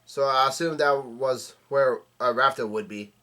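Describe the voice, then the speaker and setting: Man reading a comic aloud, halting. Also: medium pitch, pushed and bright. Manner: halting, stumbling reading full of restarts. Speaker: manga reaction channel host. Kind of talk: casual read-along recap.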